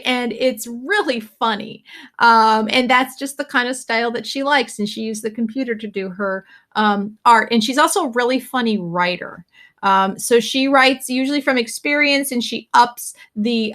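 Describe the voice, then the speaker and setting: A woman's voice: on the high side, a bit bright. A woman teacher giving a casual classroom lecture, chatty and laughing often as she reads comics aloud.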